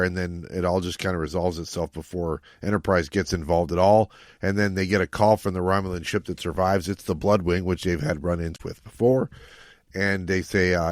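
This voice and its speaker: Low-voiced man chatting casually. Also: steady tone, moderate pace, no echo, clean studio sound. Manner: rambling, many fillers and restarts. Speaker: podcast co-host. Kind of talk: casual book discussion.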